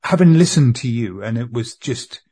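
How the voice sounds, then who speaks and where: A man in a therapy session, speaking earnestly to an empty chair with halting, repeated phrases. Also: medium pitch, animated, mellow, husky. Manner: earnest, repetitive, halting with restarts. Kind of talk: emotional spoken address to an empty chair.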